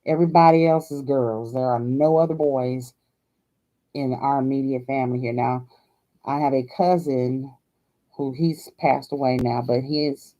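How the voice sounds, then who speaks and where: A woman's voice: extremely low pitch, warm tone, highs cut off. An older woman from Hawaii hosting a crafting vlog, chatting in a folksy, chatty way and laughing often. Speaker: crafting channel host.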